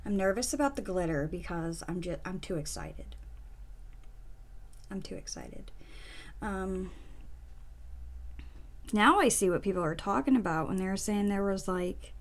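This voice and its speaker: A woman doing a makeup first-impression vlog, gushing and giddy, often breaking into laughs and hushed gasps. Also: medium pitch, animated, normal speed. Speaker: beauty vlogger.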